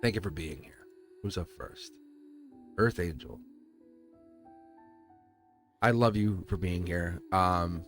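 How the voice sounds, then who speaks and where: A man's voice: low-pitched, takes it slowly, long pauses, faint music behind. A man hosting a live tarot stream, chatting casually with viewers, laughing often and firing off rhetorical questions.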